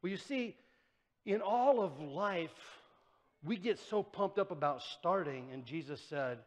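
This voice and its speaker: In a church sanctuary with long reverb, a man preaches a sermon as pastor in a conversational style, acting out the voices of those he quotes. His voice sits high, with lively intonation and a slightly slow pace.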